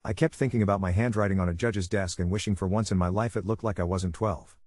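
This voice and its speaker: A man narrating a first-person story in a steady, measured way, his voice sitting a little low. The sound is close and dry, with no room around it. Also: dry recording.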